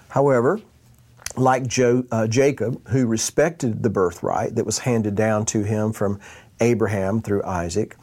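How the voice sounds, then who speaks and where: A man delivering a sermon-style Bible teaching at a middle pitch. He speaks in a measured, deliberate way and pauses to stress key words. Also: a little mellow. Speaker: preacher.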